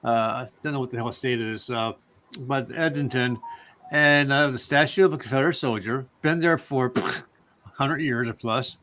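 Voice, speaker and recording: A man's voice: mid-range voice, normal speed, bright, forceful tone. A man from the northern United States hosting a casual talk show, rambling with many fillers and restarts. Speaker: host.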